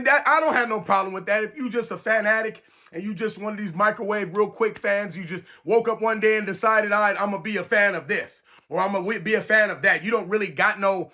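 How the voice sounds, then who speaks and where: A man from San Francisco, ranting casually and emphatically to camera as a sports fan, repeating his points. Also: high-pitched. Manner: animated, emphatic, repeats phrases.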